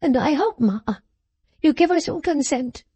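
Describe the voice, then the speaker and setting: A woman voicing a tearful young woman begging her mother's blessing, with a high sobbing voice. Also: animated, normal speed, mellow, no echo. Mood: tearful pleading.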